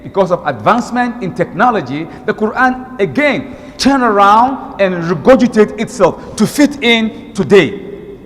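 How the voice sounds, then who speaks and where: A man giving a religious lecture as a preacher, animated and repeating words for emphasis. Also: high-pitched. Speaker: Islamic preacher. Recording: long hall reverb.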